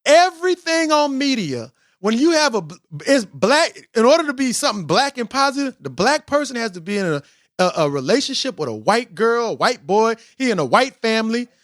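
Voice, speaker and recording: A man in his forties hosts a casual podcast chat in a high, lively voice that leaps up and down. He talks with animation and quotes books at length. The sound is dry and close. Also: brisk, dry recording. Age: 40s. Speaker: podcast host.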